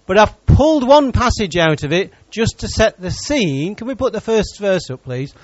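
A man's voice: high-pitched, normal speed, dry recording, highs cut off. A man preaching a sermon as pastor, teasing and joking with his congregation between points. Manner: lively, teasing preacher who jokes with the congregation.

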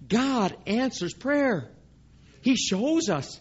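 Male pastor, high voice, slow emphatic sermon delivery, dull lo-fi recording. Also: big pitch swings, husky. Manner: emphatic, reads scripture aloud, swells louder on key lines. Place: church service.

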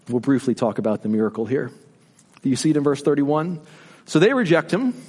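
A male pastor delivers a sermon full of rhetorical questions, moving between soft, low passages and rising emphasis. His voice trails off into a long reverb tail.

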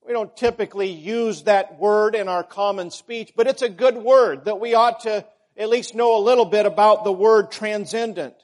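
A man preaching a sermon, measured and emphatic, repeating key words for stress. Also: high voice.

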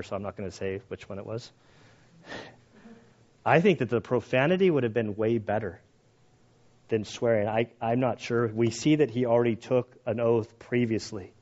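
Heard through lo-fi sound, a pastor with a mid-range voice preaches conversationally, reading scripture aloud and commenting in plain everyday words. His delivery grows loud and animated.

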